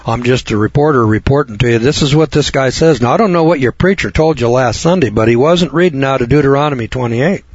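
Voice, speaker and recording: A man's voice: mid-range voice, fast, hardly any pauses, dry recording. Older male talk-radio host, folksy and ranting, dull dry lo-fi sound. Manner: folksy, ranting, rises to loud emphatic peaks. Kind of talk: preachy talk radio monologue.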